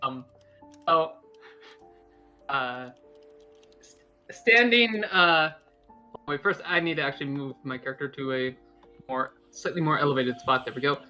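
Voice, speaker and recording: A man playing a tabletop game who describes his character haltingly, full of ums and self-corrections. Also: mid-range voice, pushed and bright, lo-fi sound, soft background music. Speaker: player.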